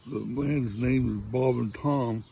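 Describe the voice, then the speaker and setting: An older man with a gravelly, warm, low-toned voice tells folksy, rambling jokes outdoors. Birds and faint outdoor noise sit behind him. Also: steady tone, unhurried, low-quality recording. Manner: folksy rambling delivery with many wells. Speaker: joke teller. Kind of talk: telling dirty jokes.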